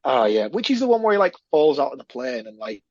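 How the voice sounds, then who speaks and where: Wry podcast co-host, dull dry sound. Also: male voice, mid-range voice, very animated, fast, a little mellow, no room sound. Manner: easygoing, laughs along, wry asides. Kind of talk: casual podcast chat.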